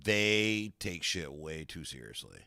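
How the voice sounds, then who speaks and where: Male podcast co-host, deep and clear, loud joking storyteller, dry studio sound. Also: sing-song, slow, no echo. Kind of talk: casual banter and storytelling.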